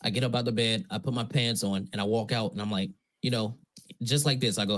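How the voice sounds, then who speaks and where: A man on a stream casually telling a personal story in a relaxed, profane, conversational way. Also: on the low side, quick pace. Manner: laid-back, profane, conversational.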